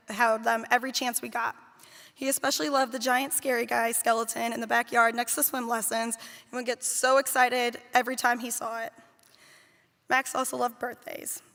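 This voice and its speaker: A woman's voice: a little high, creaky, a bit bright. A woman who cared for two children gives a read memorial speech, tender and fond as she tells their stories. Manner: heartfelt, tender, fond storytelling. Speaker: nanny giving a eulogy. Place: large theater hall. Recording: long reverb of a large hall.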